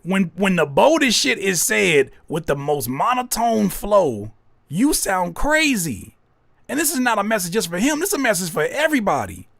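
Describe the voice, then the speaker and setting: A man's voice: high-pitched, moderate pace, gravelly, no echo, clean studio sound. A man hosting a live music feedback stream who speaks bluntly and emphatically and jokes as he critiques. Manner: emphatic, animated, blunt, joking. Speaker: host giving music feedback.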